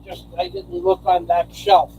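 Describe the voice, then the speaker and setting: A man with a rather high voice talks slowly and loosely to his live-stream viewers from home, pausing to thank donors and read their names aloud. He sounds hoarse, as if his voice is wearing out, and he rambles from one thing to the next. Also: sing-song, dark tone, a little hiss or hum, rough recording. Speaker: livestream host. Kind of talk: casual live-stream chat.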